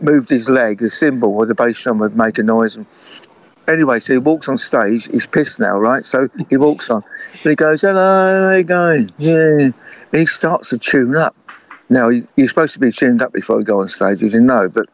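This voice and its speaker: An older man, a musician, telling lively anecdotes in casual conversation and acting out other people's voices with laughter. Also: medium pitch, normal speed, highs cut off. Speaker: guest musician. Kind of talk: casual storytelling chat.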